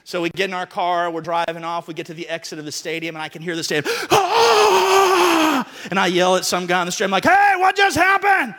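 Male pastor, high bright voice, chatty storyteller turning into emphatic preaching, long hall reverb. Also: level tone, very fast, few pauses. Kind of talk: sermon opening with a personal story. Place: church sanctuary.

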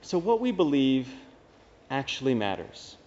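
Priest preaching in a reverberant church. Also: male voice, medium pitch, very animated, unhurried, darkish tone. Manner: conversational, wry asides. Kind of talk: homily. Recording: dull reverberant church recording.

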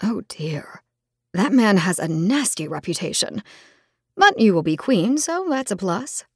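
A woman voicing a breathy, wry young nobleman. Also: mid-range voice, big pitch swings, moderate pace, dry recording, studio quality. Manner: easygoing, wry, teasing.

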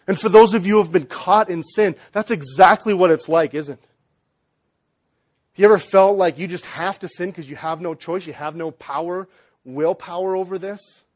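A man's voice: high voice, normal speed. A young man, a pastor, preaching a conversational sermon to his church, restarting phrases and adding light joking asides.

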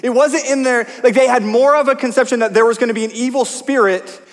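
A man's voice: very high voice, fairly even intonation, quick pace. A man preaching a sermon, telling stories in a conversational way with asides to the congregation. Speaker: pastor. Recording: long hall reverb.

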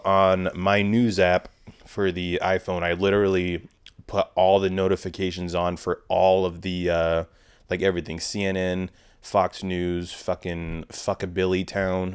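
A young man with a low, deep voice rants into his own podcast. He rambles, swears constantly and drips with sarcasm. The sound is dry and close, with no room around it. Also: clean tone, dry recording. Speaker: podcast host. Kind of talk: casual comedic rant.

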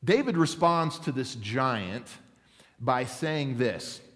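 A man's voice: mid-range voice, expressive, takes it slowly, fairly bright tone. A man, a pastor, preaching a sermon, telling stories and acting out quotes, and asking the congregation for an amen. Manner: storytelling with acted quotes, asks for an amen. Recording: long hall reverb.

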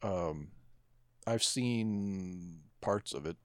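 A man's voice: sits low, very slow. A man co-hosting a movie commentary, reacting in laid-back, dry remarks. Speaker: podcast co-host. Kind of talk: casual movie commentary chat.

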